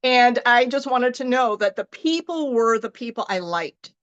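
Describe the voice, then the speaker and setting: A middle-aged woman giving an animated motivational team talk, acting out her own thoughts as she tells stories. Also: a little high, measured pace, smooth, dull audio. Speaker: team leader in direct sales.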